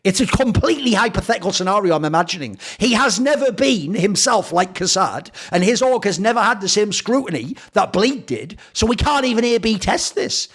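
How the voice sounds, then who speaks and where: A man's voice: sits high, sing-song, fairly quick, few pauses, a bit bright, breathy edge. A man hosting a show, ranting in a sarcastic, profane, mocking commentary. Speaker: esports commentator and show host.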